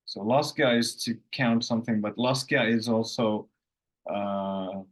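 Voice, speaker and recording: A man, teaching a casual language lesson with slow, halting explanations. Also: lowish voice, low-quality recording.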